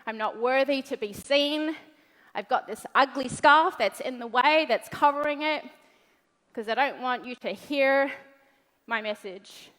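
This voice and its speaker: A New Zealand woman speaks slowly in a high, bright voice, giving a motivational talk in front of an audience. She is blunt, playful and swears freely. Her voice carries a long reverb from a large event hall.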